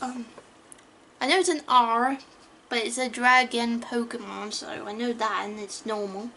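A woman's voice: fairly high pitch, unhurried, sharp tone. A woman casually talking through card packs as she opens them, chatty and stumbling over names, gasping at good pulls. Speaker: YouTuber opening trading card packs. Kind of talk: casual card-opening commentary.

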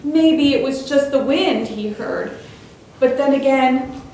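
A woman reading a suspenseful children's story aloud in a church, with expressive storytelling. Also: sits high, slow, slight background noise. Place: church sanctuary. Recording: very echoey hall, distant mic.

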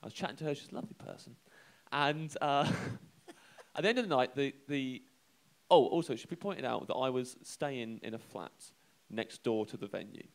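A young man telling a comic anecdote on a live show, halting and self-deprecating, chuckling between lines. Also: medium pitch, expressive, vocal fry. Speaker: comedian telling a story.

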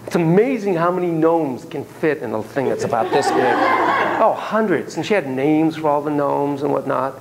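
A man lecturing a class, telling stories in an animated, playful way and acting out sound effects. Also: a little high, moderate pace, creaky, over a noisy crowd, very noisy.

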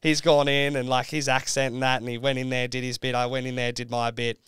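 A man's voice: medium pitch, flat delivery, fairly quick, fairly bright tone, smooth, no room sound. A young Australian man telling a story as a podcast guest, laid-back and full of "like"s. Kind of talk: casual chat.

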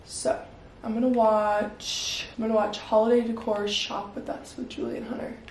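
A chatty young woman talks to her camera at home, excitable and full of fillers. Her voice has a gravelly, fried edge. The room rings with echo, with a faint hiss behind. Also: on the high side, normal speed. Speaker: vlogger. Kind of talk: casual vlog chat.

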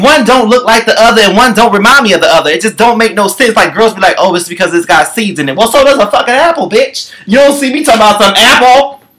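A man delivering a sassy, profane comic rant, calling the listener "girl" and swooping his pitch around wildly. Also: sharp tone. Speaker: comedian.

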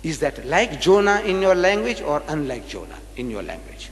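A high-voiced man lectures with sweeping, lively swings in pitch, dramatic and full of rhetorical questions. His voice rings through a large lecture hall with a long echo. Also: moderate pace. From South Africa. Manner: dramatic, rhetorical, questions the audience and acts out debates. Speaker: public lecturer. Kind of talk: religious debate lecture. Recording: live hall recording with long reverb.

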